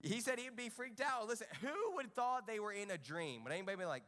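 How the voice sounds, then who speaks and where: A man with a high, lively voice leads a children's church lesson. He acts out the story with energy and keeps asking the kids questions. His voice carries a long reverb, as if in a big hall. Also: quick pace. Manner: animated, asks the children questions. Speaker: children's ministry leader. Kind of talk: telling a Bible story to kids. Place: church kids' room stage.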